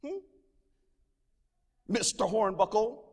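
A man preaching as pastor, his voice very high and lively, rising and falling as he repeats phrases and calls out praise. The sound rings with the long reverb of a large church sanctuary. He stumbles and restarts as he builds to his points. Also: takes it slowly. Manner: preaching with call-and-response exclamations and repeated phrases. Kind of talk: sermon.

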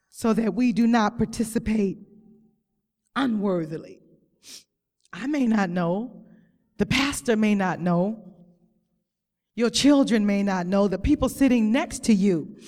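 A woman's voice: mid-range voice, a little mellow, long reverb tail. A woman preaching a sermon in a church, drawing out her words with emphasis and calling on the congregation. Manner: slow, drawn-out emphatic phrasing, call-and-response. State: close to tears.

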